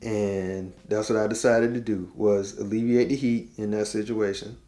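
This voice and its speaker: A man's voice: lowish voice, fairly even intonation, normal speed, warm tone. A man in his forties telling a family story as a casual advice talk, acting out the dialogue with slang and laughing at himself. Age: 40s. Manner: conversational, uses slang and repetition. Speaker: relationship talk host.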